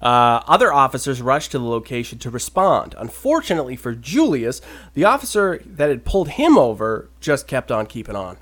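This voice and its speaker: A man co-hosting a casual talk show, telling an odd news story with animated delivery. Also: medium pitch, fairly quick. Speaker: podcast co-host. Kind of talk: casual chat, reading news stories.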